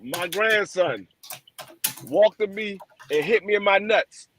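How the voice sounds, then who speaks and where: A middle-aged man telling loud, profane stories in casual chat, often stammering and restarting. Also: high voice, lively intonation, takes it slowly, a little hiss or hum.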